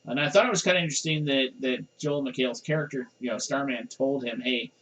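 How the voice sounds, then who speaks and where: A man's voice: medium pitch, a little fast, low-quality recording. Middle-aged male podcast host, loose rambling delivery. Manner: rambling, animated, chuckles often. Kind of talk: casual chat.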